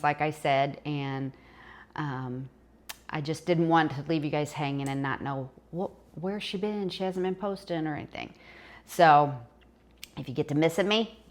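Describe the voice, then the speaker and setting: An older woman with a Southern US accent, chatting folksily through a casual home cooking demonstration. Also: on the low side. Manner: chatty, folksy, talks while eating.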